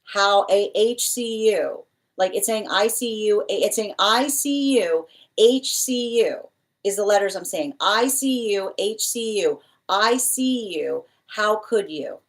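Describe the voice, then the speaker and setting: A woman's voice: medium pitch, animated, a little slow. A woman doing a live tarot reading, rambling and repeating phrases as she relays spirit messages. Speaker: tarot reader.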